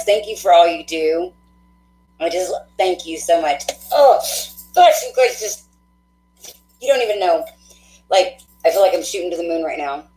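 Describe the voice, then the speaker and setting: A woman hosting a live tarot stream, chatting casually with viewers, effusive and quick to laugh, thinking aloud with fillers. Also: sits low, dark tone, echoey room, rough recording.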